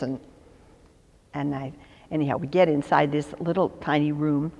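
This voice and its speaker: A woman in her sixties from Chicago tells her stories with a low, deep voice. She slips into the voices of the people she quotes and laughs often. The recording carries a long, hall-like reverb. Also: steady tone, normal speed, creaky, darkish tone. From Chicago, USA. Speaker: religious sister interviewed for oral history. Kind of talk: storytelling in an interview.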